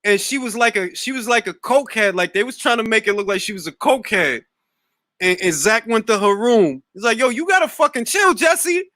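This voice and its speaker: A man's voice: high voice, brisk, sharp tone, dry recording, clean studio sound. A man hosting a boxing talk stream, casual, profane and jumping between topics. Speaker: boxing talk show host. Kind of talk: casual livestream chat.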